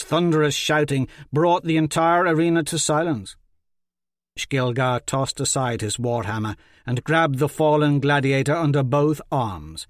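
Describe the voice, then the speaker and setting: Man narrating a dark fantasy audiobook. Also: on the high side, dry recording, studio quality. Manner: measured, dramatic storytelling. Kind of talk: scripted narration.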